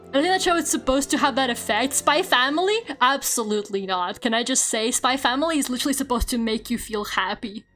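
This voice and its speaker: A woman's voice: fairly high pitch, animated, fast talker, few pauses, fairly bright tone. A woman VTuber chatting casually while she draws on stream, rambling, laughing often and swearing offhandedly. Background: faint video game soundtrack music.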